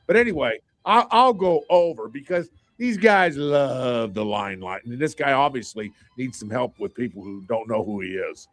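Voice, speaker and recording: A man's voice: medium pitch, expressive, normal speed, few pauses, a bit bright, no echo, faint music behind. A man on a sports radio panel, telling his picks at length with emphatic, rambling restarts. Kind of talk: casual radio sports chat.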